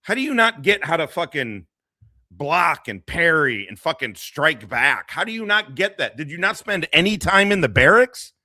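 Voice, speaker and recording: A man hosts a casual stream and rants in a crude, mocking way, laughing often. His voice is bright and fairly high, with lively jumps in pitch. The sound is dry and close, with no room echo. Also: moderate pace. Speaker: streamer host. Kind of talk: profane casual livestream rant.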